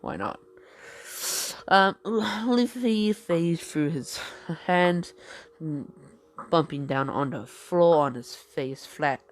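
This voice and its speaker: A woman's voice: low voice, expressive, slow, pauses often. A woman improvising a fan story, hesitant, with lots of fillers and self-corrections. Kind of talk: improvised fan-fiction narration.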